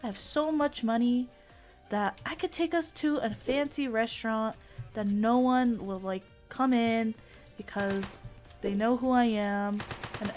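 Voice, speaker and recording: A woman's voice: on the high side, lively intonation, unhurried, a little mellow, soft background music. A woman streaming a video game, joking around with theatrical mock pleading and giggles. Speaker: gaming streamer. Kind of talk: playful let's-play commentary.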